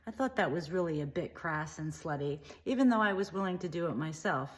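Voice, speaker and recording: Woman playing a rambling, deadpan oddball. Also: deep voice, brisk. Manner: free-associating, chatty, deadpan. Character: rambling, naive, opinionated young woman. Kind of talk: comedic character monologue.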